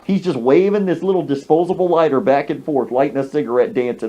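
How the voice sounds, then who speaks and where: A man hosting a podcast, telling a comic story with an exaggerated, animated delivery, on a dull lo-fi recording. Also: on the high side, fast. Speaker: podcast host.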